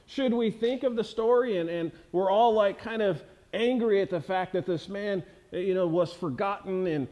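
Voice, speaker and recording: A pastor delivering a sermon in a church, talking conversationally with many fillers and restarts. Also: male voice, high voice, a little mellow.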